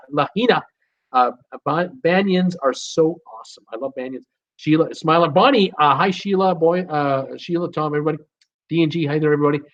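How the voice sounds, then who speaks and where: A man's voice: on the high side, lo-fi sound. A man hosting a live cruise show, chatting casually and upbeat as he reads viewer comments aloud, with frequent fillers and hesitations.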